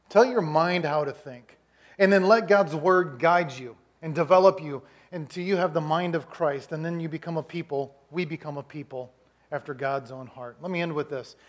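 A man preaching a sermon, telling stories with emphatic delivery and rhetorical questions. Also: on the high side. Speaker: pastor.

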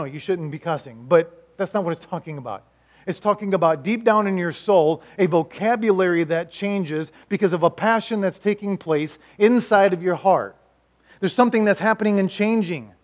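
A middle-aged man preaching a sermon, telling stories in an animated way and swinging between loud lines and hushed ones. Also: high voice. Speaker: pastor and chaplain.

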